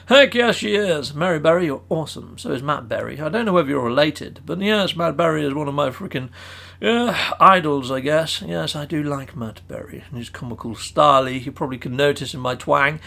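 A man's voice: fairly high pitch, vocal fry, fairly bright tone. A British man hosting a gaming channel, giving gameplay guide commentary with exuberant, playful exclamations.

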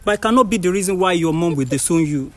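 A man talking quietly and apologetically to his girlfriend outdoors. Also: high-pitched, lively intonation, fast talker. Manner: soft, pleading, apologetic. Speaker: boyfriend in a staged reunion. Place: outdoors at a block-making yard.

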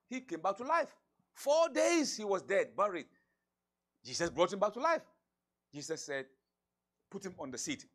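A man, an imam, telling a story in a sermon and acting out the voices of the people in it. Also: fairly high pitch. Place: mosque hall.

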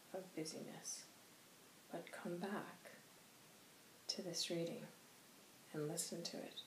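A woman voicing a wise, solemn male spirit guide who speaks softly and slowly, like a sermon. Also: fairly low pitch, reverberant, slight background noise, rough recording. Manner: soft, slow, preaching.

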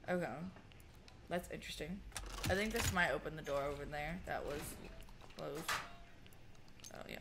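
A woman gaming streamer chatting casually and excitedly through a horror game playthrough. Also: low voice, normal speed, gravelly, long pauses. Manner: chatty, excitable, reacts aloud.

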